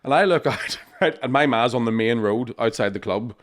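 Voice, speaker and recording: Medium in pitch and moderate in pace, an Irish man co-hosting a podcast spins a rowdy story in casual conversation. He swears nonstop, keeps asking "right?" and imitates the voices of the people he's quoting.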